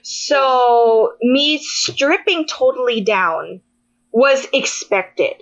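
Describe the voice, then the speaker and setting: A woman co-hosting a podcast, telling stories in a casual, animated way with frequent laughter. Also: fairly high pitch, very slow, highs cut off. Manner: animated storytelling, squealing and laughing often. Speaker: podcast co-host. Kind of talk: casual chat.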